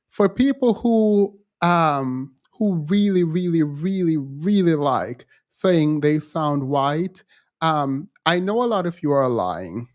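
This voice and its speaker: A man hosting a casual live-stream commentary, telling stories with animation and mimicking others in a raised voice. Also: a little high. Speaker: channel host.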